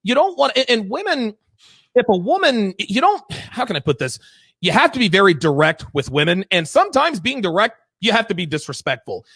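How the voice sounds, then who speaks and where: A man's voice: high voice, very animated, a little fast, a bit bright, breathy edge, no room sound. A man hosting a talk show, telling stories in a blunt, emphatic, profane way. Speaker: podcast host. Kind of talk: casual chat.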